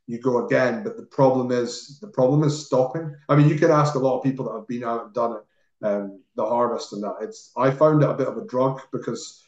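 A man's voice: medium pitch, brisk. A man talks as a podcast guest, loose and rambling, laughing here and there. His voice sits in the middle range. The sound is roomy and a little muffled. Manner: relaxed, rambling, laughs often. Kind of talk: casual chat.

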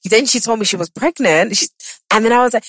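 A young woman hosting a podcast, emotional and warm in a casual heartfelt chat, often restarting her sentences and acting out quotes in lively voices. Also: a little high, no echo. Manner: emotional, halting restarts, animated quoting. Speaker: podcast host.

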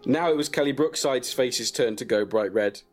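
A man reading a crude comic story about himself in a deadpan way and breaking into laughs. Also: medium pitch, normal speed, faint music behind.

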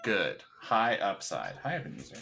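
A man's voice: lowish voice, wildly swooping pitch, moderate pace, creaky, background noise. A man co-hosting a movie podcast, chatting casually with a joking, sarcastic manner. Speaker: podcast co-host. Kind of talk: casual chat.

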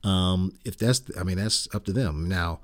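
A man with a low, deep voice co-hosts a relaxed podcast conversation. He talks in halting stretches full of fillers and restarts, and slips into teasing, jokey banter. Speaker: podcast co-host. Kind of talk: casual chat.

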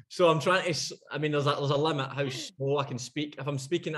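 A man co-hosting a podcast in casual chat, rambling quickly, laughing often and swearing casually. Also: fairly high pitch, fairly even intonation, a bit bright. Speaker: podcast co-host.

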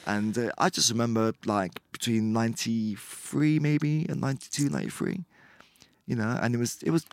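A man, chatting casually as an interview guest, relaxed and rambling with many fillers. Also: medium pitch, normal speed, no room sound, studio quality. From Bristol, England. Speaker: guest musician.

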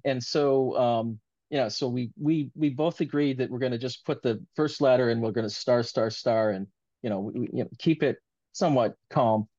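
A man's voice: mid-range voice, normal speed, a little mellow, no room sound, lo-fi sound. A man being interviewed as an author, talking in an earnest, rambling, heartfelt way in casual conversation.

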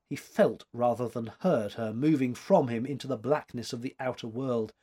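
A man narrating a story aloud in a measured, expressive manner. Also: mid-range voice, breathy edge. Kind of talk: audiobook narration.

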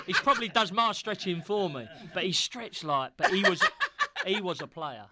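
A man spins football yarns in a loose, laughing podcast chat. His bright voice sits a little high and swings widely as he acts out the characters in his stories. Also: normal speed. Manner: animated, laughing, swearing, acting out quotes. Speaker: guest storyteller, former footballer. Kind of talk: casual storytelling chat.

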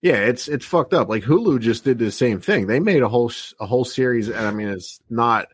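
A man's voice: mid-range voice, animated, fairly quick, slightly rough, dry recording. Laid-back, hesitant male co-host. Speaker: podcast co-host. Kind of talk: casual podcast banter.

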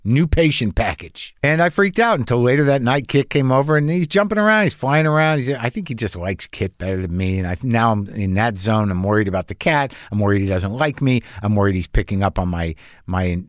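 A man's voice: mid-range voice, no echo, clean studio sound. A man telling a rambling, anxious story in a casual monologue, swearing and restarting often, as a podcast host.

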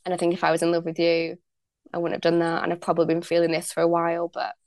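A woman's voice: lowish voice, monotone, very fast, a little mellow, no room sound, clean studio sound. A young woman, a podcast guest telling a personal story in a chatty way, full of likes and ums, acting out what people said. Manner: chatty, many likes and ums, acts out quoted dialogue. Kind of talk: candid storytelling.

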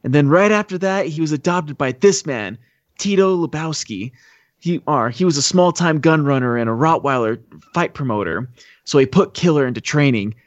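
A man recaps a film scene by scene in a loose, rambling way. His voice sits a bit high. The recording is dull, lo-fi and dry. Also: expressive, moderate pace, dry recording. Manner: rambling storyteller, acts out quotes. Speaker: podcast co-host.

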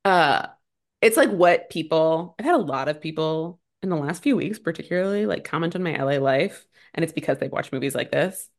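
Woman co-host, slightly low voice, quick sarcastic movie recapper. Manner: animated, sarcastic, fast recapping with many "like"s. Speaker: podcast co-host. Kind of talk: casual chat.

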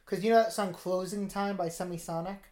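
Woman podcast co-host, casual movie-watching chat, wry deadpan asides, mid pitch, roomy echo. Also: brisk.

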